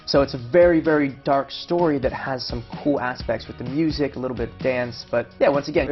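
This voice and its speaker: Young man, interview guest, chatty, upbeat, quick speech, muffled sound. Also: mid-range voice. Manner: upbeat, chatty, laughing often. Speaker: interview guest, actor and singer. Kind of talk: casual interview chat.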